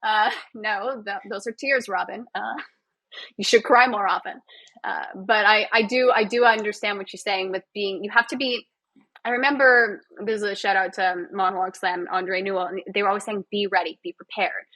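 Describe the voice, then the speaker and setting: A woman's voice: mid-range voice, steady tone, moderate pace, sharp tone, no echo, rough recording. A woman guest on a podcast, chatting casually with a sarcastic, jokey manner and frequent laughs. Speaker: guest, physiotherapist and actor.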